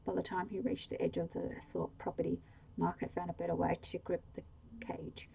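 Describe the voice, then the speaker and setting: A woman reading a novel aloud in a soft-spoken ASMR bedtime style, slow and hushed. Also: on the low side, little pitch movement, gravelly, low-quality recording. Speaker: storyteller.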